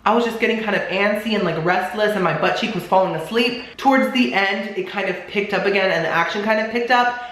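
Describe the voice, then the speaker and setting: A host giving a casual, talkative movie review vlog, expressive and full of fillers. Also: medium pitch. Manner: chatty, expressive, lots of fillers like "like". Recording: very echoey room.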